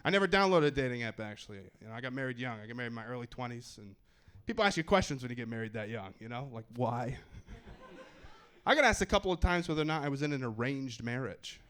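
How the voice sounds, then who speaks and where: A man's voice: medium pitch, lively intonation, fast talker, a bit bright, smooth. A young man doing stand-up in a put-on English accent, wry and self-mocking, on a comedy club stage with a handheld mic. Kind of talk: stand-up set.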